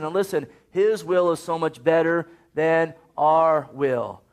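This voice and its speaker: A man's voice: fairly high pitch, a little slow, few pauses, smooth. A man preaching a sermon, earnest and urging, often quoting scripture.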